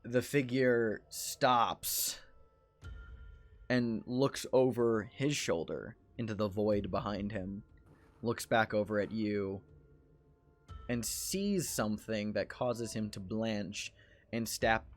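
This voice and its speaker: Low-voiced male game master, halting horror narration with many fillers. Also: faint music behind. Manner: halting, full of fillers and restarts.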